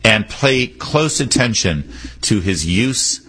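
Husky-voiced sarcastic talk radio host. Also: male voice, on the low side, big pitch swings, slow pace, sharp tone. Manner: punchy, sarcastic, opinionated. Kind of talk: political talk radio monologue.

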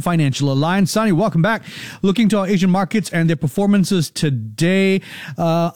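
A man's voice: fairly high pitch, darkish tone, no echo, clean studio sound. Singaporean male radio news presenter. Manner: loose, chatty asides between bulletins. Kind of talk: radio news reading and casual chat. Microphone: studio microphone.

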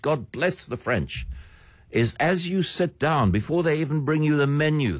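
A man's voice: medium pitch, no echo. A man hosting a radio talk show, delivering a sardonic, theatrical monologue with a swooping delivery. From South Africa.

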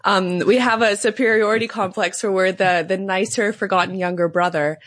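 A woman's voice: mid-range voice, steady tone, a little fast, dry recording, studio quality. A woman from Canada, telling her story in an earnest, fluent way as an interview guest. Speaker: guest, pro-life advocate. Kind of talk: interview conversation.

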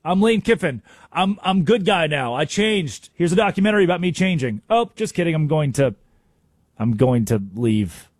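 A man puts on a flaky, smug coach who brags that he has changed. The voice is pitched higher than the man's own and sounds husky. The delivery is sarcastic and swings widely. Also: lively intonation, normal speed, no echo, studio quality. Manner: sarcastic, fickle. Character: mock Lane Kiffin, flaky smug male coach.

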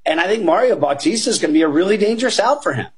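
A high-pitched, husky man talks through his fight picks with punchy enthusiasm. He keeps turning to his panel and leans hard on his favorite points. His delivery has the drive of a seasoned betting analyst on a sports show. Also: rapid-fire. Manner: energetic, emphatic, keeps addressing the panel as guys. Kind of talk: animated betting talk show chat.

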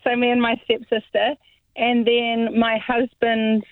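A woman calls in to a radio show and rambles in a good-humoured way. Her voice is a little high and sounds dry and close. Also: monotone, a little slow, no room sound, narrow, tinny audio. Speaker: caller. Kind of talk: phone-in chat.

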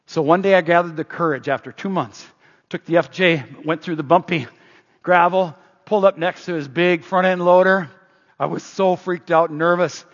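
High-voiced preacher man in a reverberant hall. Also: normal speed. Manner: conversational, animated, with restarts. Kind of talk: sermon with personal storytelling. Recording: dull sound with long hall reverb.

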